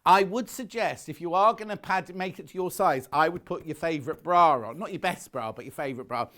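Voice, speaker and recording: A man presenting on a shopping channel, talking in a rapid, chatty sales patter that often corrects itself, a bit out of breath, recorded on a lapel mic in a TV studio. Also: on the high side, a bit bright. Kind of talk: live TV sales pitch.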